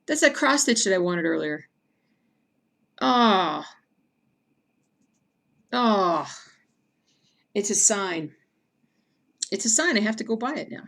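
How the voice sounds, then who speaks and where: A woman hosting a casual livestream chat, reading viewer comments aloud between bursts of excitement. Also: medium pitch, normal speed, creaky. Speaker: stream host.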